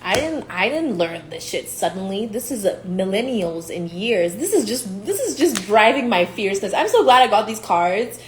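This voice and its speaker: A woman's voice: medium pitch, very animated, normal speed, hardly any pauses. A young woman from Nigeria giving a casual spiritual monologue as a tarot reader, blunt and profane, laughing often. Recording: echoey room, faint hiss.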